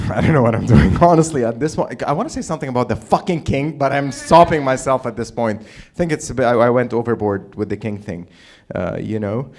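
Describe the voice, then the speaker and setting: A Middle Eastern man hosts an open mic in a small comedy club, speaking into a stage mic. His medium-pitched, darkish voice moves briskly with barely a pause as he delivers a brash, rambling, profanity-laced stand-up set.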